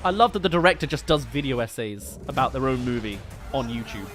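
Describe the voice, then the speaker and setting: A man's voice: medium pitch, expressive, brisk, fairly bright tone, soft background music. A British man hosting a movie review livestream, chatting casually and joking as he answers viewer comments.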